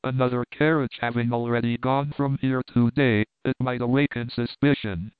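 A man's voice: mid-range voice, steady tone, normal speed, clean tone, dry recording, close to an everyday voice. A man voicing a frantic, tearful middle-aged woman companion who pleads in an agitated, breathless way. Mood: distraught. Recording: dry, phone-like narrow sound.

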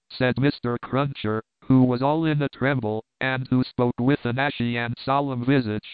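A man narrating a classic novel aloud in a measured, even reading. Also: mid-range voice, clear, resonant tone, no room sound. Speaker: audiobook narrator. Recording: dry, phone-like narrow sound.

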